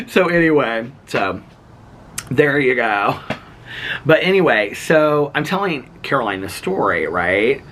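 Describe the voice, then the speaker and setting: A man vlogging, telling a long story in a chatty, animated way, full of "like" and "so anyway" and acting out what people said. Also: medium pitch, unhurried. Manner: chatty, animated, acts out other people's lines; filler-heavy, lots of "like" and "so anyway". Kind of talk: casual storytelling.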